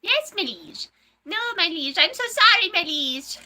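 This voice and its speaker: Woman voicing anxious British male servant, high and loud, groveling. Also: big pitch swings, unhurried, heavily acted. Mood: apologetic. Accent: British put-on. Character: fawning male butler-type servant, anxious.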